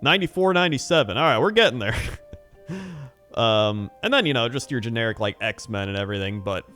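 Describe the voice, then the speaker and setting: A man in his thirties talks through a long personal story in a loose, rambling vlog style, dotted with fillers and easy laughter. His voice sits at an ordinary middle pitch, and faint music plays quietly behind him. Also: lively intonation, brisk. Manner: rambling, chatty, laughs often, many fillers. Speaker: hobby channel host. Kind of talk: casual storytelling.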